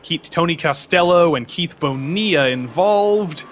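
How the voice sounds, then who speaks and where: Racing co-commentator guy, chatty and goofy, bit high voice, cars loud under him. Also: animated, unhurried. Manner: chatty, playful, tangents. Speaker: race commentator. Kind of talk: sim racing color commentary. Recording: background race car noise.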